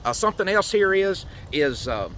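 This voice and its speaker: A man from Tennessee gives a folksy, unhurried demonstration of hunting calls, with frequent fillers. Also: high-pitched, sing-song, fairly bright tone, slight background noise. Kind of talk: outdoor how-to demonstration.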